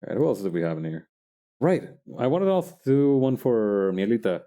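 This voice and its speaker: A young man casually chatting while he makes digital art, self-mocking and quick to laugh. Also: mid-range voice, big pitch swings, warm tone. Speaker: digital artist streamer. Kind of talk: casual narration while drawing.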